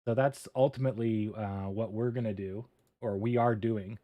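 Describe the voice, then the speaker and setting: Over lo-fi audio, a man with a lowish voice talks at a moderate pace during a laid-back livestream where he codes and checks charts. He mutters as he goes, swearing lightly and laughing whenever he slips up.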